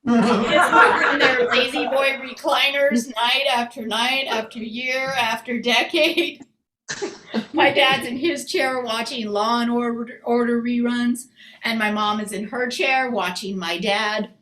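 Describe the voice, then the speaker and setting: A woman's voice: fairly high pitch, fairly even intonation, measured pace, pushed and bright. A middle-aged woman performing a chatty, self-mocking stand-up set, slipping into voices of family members. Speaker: stand-up comedian. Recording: echoey room with background noise.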